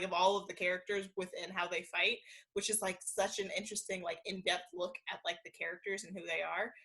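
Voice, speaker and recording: A woman co-hosting a casual chat podcast over a remote video call, animated and quick to laugh. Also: fairly low pitch, rough recording. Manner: animated, enthusiastic, laughs often. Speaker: podcast co-host.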